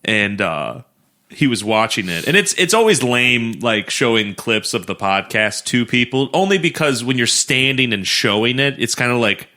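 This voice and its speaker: A young male podcast co-host talks in a loose, rambling way, his pitch bouncing all over as he goes. His tone is bright and forward, and the delivery feels like casual chat between friends. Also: lively intonation, normal speed. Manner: loose, rambling storytelling with many fillers.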